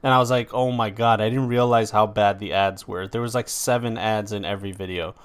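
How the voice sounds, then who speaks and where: A man's voice: on the low side, fairly even intonation, a little fast, clean tone. A man hosting a podcast, chatting casually and rambling with lots of filler words and the odd swear. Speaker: podcast host. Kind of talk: casual chat.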